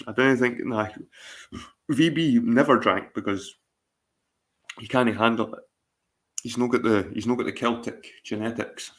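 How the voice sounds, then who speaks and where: A man's voice: mid-range voice, unhurried, long pauses. A middle-aged Scottish man chatting casually on his livestream, rambling, swearing and repeating himself. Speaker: livestream host.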